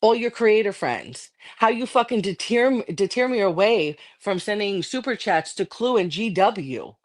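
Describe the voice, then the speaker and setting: A woman's voice: mid-range voice, animated, normal speed. A livestreaming woman in a heated, profane, confrontational rant aimed at a rival.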